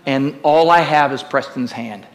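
A middle-aged man preaching a sermon, telling stories and rising to impassioned shouts. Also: medium pitch, a little slow. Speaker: pastor.

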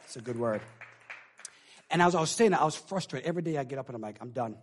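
A man preaching a sermon as pastor, emotional and confiding, swinging from quiet asides to loud preaching. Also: on the high side, animated, fast, slight background noise. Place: church.

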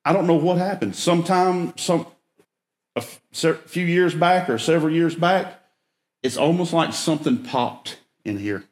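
A man's voice: a little high, normal speed. Folksy preacher man, echoey room. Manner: folksy, self-mocking, emphatic. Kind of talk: storytelling sermon.

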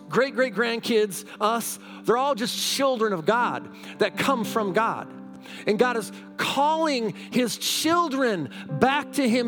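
Male preacher, very high pitch, fervent exhorting sermon and scripture reading, music bed. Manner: fervent, exhorting, repeats "now". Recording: background music.

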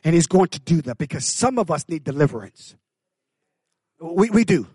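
Pastor, male, higher voice, preaching with call-outs to the room. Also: big pitch swings, moderate pace, slightly rough, no room sound. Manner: swings from hushed to loud. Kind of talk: sermon.

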